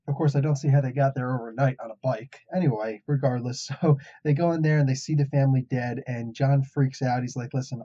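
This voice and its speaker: A man's voice: medium pitch, dark tone. Enthusiastic man reviewing comics. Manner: enthusiastic, chuckling storyteller. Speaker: comic book reviewer, host. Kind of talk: casual comic book review. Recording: dull lo-fi recording.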